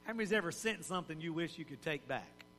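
A man with a high voice preaches a sermon in a folksy, animated way, slipping into the voices of the people in his story. His words carry a long reverb from a big church hall. A faint hum runs beneath him. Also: quick pace. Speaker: pastor.

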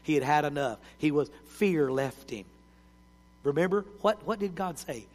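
A male preacher, telling stories in a sermon and swinging between loud cries and hushed words. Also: fairly high pitch, expressive, normal speed. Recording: long hall reverb.

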